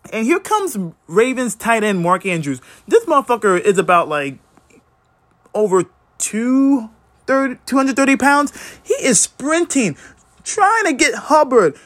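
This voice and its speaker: A man giving a casual, excitable game recap as a fan vlogger, swearing freely and swinging up and down in pitch. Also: no echo.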